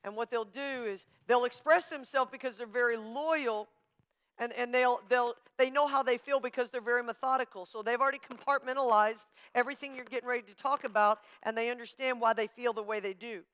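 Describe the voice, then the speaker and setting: A woman pastor teaching a marriage class in an emphatic, forceful, coach-like manner. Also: a little high, steady tone, fairly quick, clean tone. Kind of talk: sermon-style teaching.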